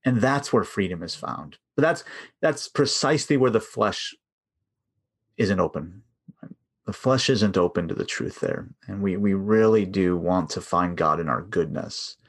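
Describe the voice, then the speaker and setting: Male author guest, husky, animated delivery, acts out prayers mid-chat. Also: deep voice, a little slow. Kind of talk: casual podcast conversation on prayer.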